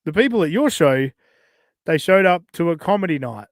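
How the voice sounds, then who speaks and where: Male podcast host, profane and blunt, raised pitch, dry sound. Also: expressive, normal speed, no room sound. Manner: profane, blunt, laughs between jabs. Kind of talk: casual podcast banter.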